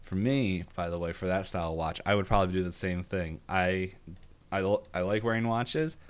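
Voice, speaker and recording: Co-hosting a casual podcast over a video call or webcam setup, a man recaps a cartoon episode, often laughing and doing characters' lines in silly voices. His voice sits low and smooth at normal speed.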